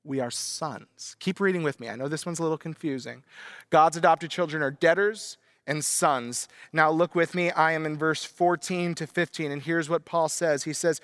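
A male pastor preaching a sermon in an animated storytelling manner. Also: a little high, normal speed, no echo, studio quality.

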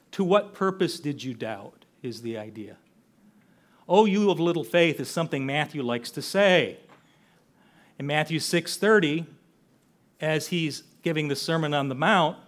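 A man's voice: a little high, a bit bright. An older man preaching a sermon, earnest and conversational, often asking rhetorical questions. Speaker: pastor.

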